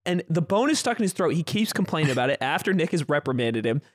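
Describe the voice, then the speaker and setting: A man with a high voice jumps eagerly into a casual podcast chat. He retells events loosely, padding his lines with filler and the odd swear word. The sound is dry and close. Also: big pitch swings, fast talker, breathy edge, no echo. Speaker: podcast co-host.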